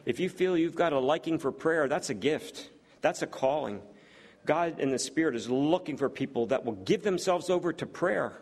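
A man's voice: fairly high pitch, lively intonation, normal speed, darkish tone, breathy edge. A man preaching a sermon, reading scripture aloud and putting rhetorical questions to the congregation. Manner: reads scripture aloud between remarks.

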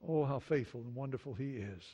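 A middle-aged male pastor preaching a sermon earnestly, moving between hushed prayerful passages and emphatic points. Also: mid-range voice, a little fast, husky, lo-fi sound.

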